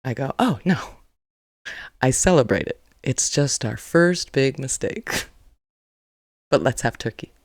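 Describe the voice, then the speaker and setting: A woman's voice: a bass voice, lively intonation, unhurried, no echo. A woman hosting a reaction video, chatting casually and laughing along while repeating punchlines. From Native American.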